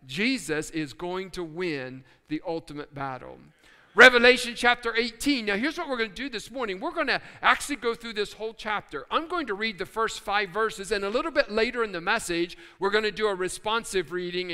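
A man preaching a sermon as pastor, animated and storytelling, sometimes putting on voices for quoted people. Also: high voice, fairly quick, clear, resonant tone, in a large hall. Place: church sanctuary.

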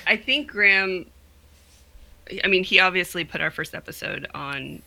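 A man's voice: high-pitched, normal speed, vocal fry, pushed and bright, a little hiss or hum. A man co-hosting a podcast, chatting casually and wryly, laughing as he talks. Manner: wry, laughs while talking. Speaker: podcast co-host.

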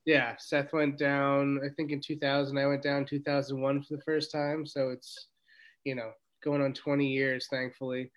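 A man's voice: medium pitch, completely flat delivery, moderate pace, muffled recording. A man guest on a podcast, thinking aloud as he recalls years of friendship. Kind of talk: casual recollection.

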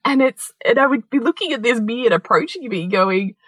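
A woman in her thirties chats on a podcast, telling personal stories with plenty of laughter and the odd swear word. Her voice is husky and lively, rising and falling a lot. The sound is dry and close. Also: fairly high pitch, normal speed, no room sound, low-quality recording. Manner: laughs often, swears, animated storytelling. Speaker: podcast co-host. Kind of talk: casual chat.

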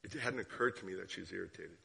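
A man preaching a sermon as guest speaker, telling a story and asking the listeners questions, sometimes dropping to a hushed tone and sometimes rising. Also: sits low, racing, vocal fry, breathy edge. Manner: drops to hushed tones for story, rises for questions.

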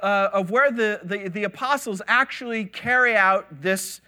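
A man giving a conversational sermon, telling stories with animated quoted voices and casual asides. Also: high voice, unhurried, clear, resonant tone. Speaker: teacher.

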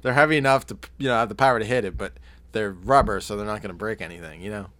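A man's voice: lowish voice, quick pace, fairly bright tone. A man co-hosting a podcast, telling rambling stories in casual chat, laughing often and mimicking people. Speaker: podcast co-host.

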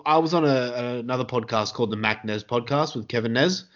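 A man's voice: mid-range voice, brisk, muffled recording. An Australian man hosting a casual podcast chat, reading out trivia in a loose, joking way and laughing often. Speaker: podcast host.

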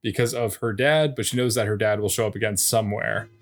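A man co-hosting a podcast, walking through a TV episode plot in a steady recap with dry asides. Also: on the low side, fast, soft background music. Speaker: podcast co-host. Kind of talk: casual recap chat.

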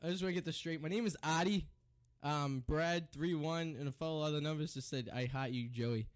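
On a college radio show, a young man with a somewhat high voice talks a little fast, rambling, joking and goading his co-host. The talk is loose banter, with some singing on air.

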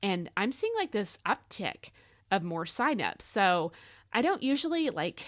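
A middle-aged woman hosting a devotional podcast, chatting casually and telling a story in an animated way with many fillers. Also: medium pitch, unhurried, no echo, studio quality. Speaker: podcast host.

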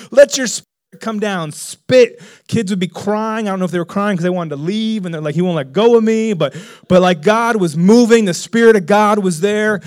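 A middle-aged male pastor telling a story in a sermon, animated, bursting into loud excited exclamations. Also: sits high.

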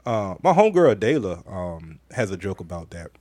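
A man's voice: deep voice, big pitch swings, moderate pace, dark tone, dry recording. A man hosting a casual podcast live stream, reading out viewer comments with a playful, laughing manner. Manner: laughing, playful, repeats phrases. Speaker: podcast host.

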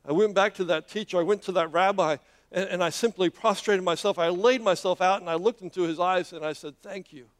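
A man's voice: high-pitched, fairly quick. A man preaching, retelling a scripture story in dramatic sermon style with frequent hesitations and repeated words.

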